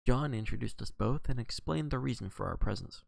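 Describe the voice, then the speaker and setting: A man reading a classic mystery aloud as a first-person audiobook narration, in a steady, plain storytelling manner. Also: mid-range voice, a little fast, gravelly, no room sound. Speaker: audiobook reader.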